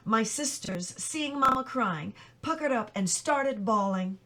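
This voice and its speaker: A woman reading a novel chapter aloud in plain, steady storytelling, with small slips she corrects as she goes. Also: a little high, unhurried, hardly any pauses. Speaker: reader.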